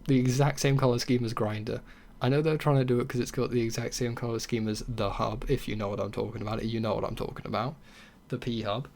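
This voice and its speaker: A man's voice: mid-range voice, fairly even intonation, fast talker, gravelly, a little mellow. Blunt young man ranting on a podcast. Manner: blunt, swearing, sarcastic mock voices. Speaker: podcast host. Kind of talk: casual solo podcast rant.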